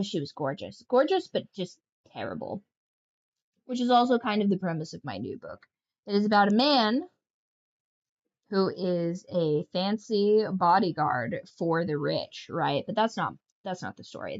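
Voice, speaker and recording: A woman's voice: mid-range voice, highs cut off. Rambling, joking woman game streamer. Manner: rambling, joking storyteller, many fillers. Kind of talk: casual livestream chat.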